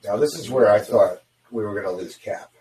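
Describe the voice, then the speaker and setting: A man's voice: fairly low pitch, brisk, roomy sound, a crowd in the background, poor audio. A man co-hosting a movie watch-along commentary, chatting casually and dropping frequent yeahs and mm-hmms. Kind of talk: casual chat.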